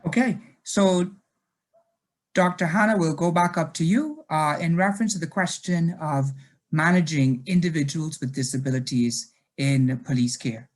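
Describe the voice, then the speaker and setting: A moderator posing questions to panelists in a polite, brisk way. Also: mid-range voice.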